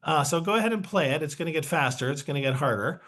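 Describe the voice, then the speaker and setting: A man's voice: a little high, lively intonation, quick pace, a bit bright. A man presenting a webinar, explaining a brain training exercise in a chatty, upbeat way.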